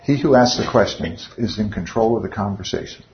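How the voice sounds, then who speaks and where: A man's voice: fairly low pitch, fairly quick, vocal fry, lo-fi sound, a little hiss or hum. A man leading an informal Bible study, speaking conversationally and often putting rhetorical questions to his listeners.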